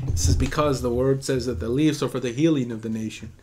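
A man hosting an online show, giving an earnest sermon-style Bible teaching with personal stories, slowing for emphatic readings. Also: mid-range voice, fairly even intonation, a little mellow, a little hiss or hum. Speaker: host and preacher.

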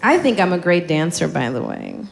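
A woman comedian performing a stand-up set, animated and acting out bits of dialogue. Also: on the low side, a little fast, creaky, slight background noise. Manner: animated, acts out dialogue with voice jumps.

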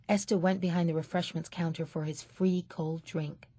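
Low-voiced woman narrating an audiobook. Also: flat delivery, normal speed, few pauses, warm tone, no room sound. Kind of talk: scripted narration.

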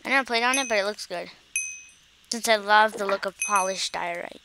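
A woman chatting casually while gaming with a friend, chatty and quick to apologize. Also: medium pitch, background noise. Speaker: gamer.

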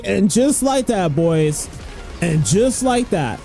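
Excitable young man with a lively voice. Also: high voice, slow pace, soft background music. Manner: excitable, swearing, pleading and groaning at each pull. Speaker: streamer. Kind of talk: gacha pull reaction stream.

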